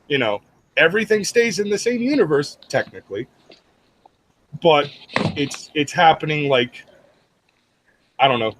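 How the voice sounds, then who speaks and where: A man's voice: mid-range voice, fairly bright tone. A man in a mid-range voice rambles through an opinion over a voice call, padding it with hedges and fillers. A faint hiss sits under his home mic. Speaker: podcast co-host. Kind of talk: casual opinionated chat.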